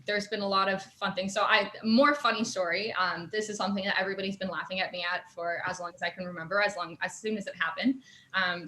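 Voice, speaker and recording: A young woman, appearing as a guest, shares stories about her student robotics team in a casual chat full of fillers and laughter. Her voice is medium-pitched with a sharp tone, recorded in an echoey room.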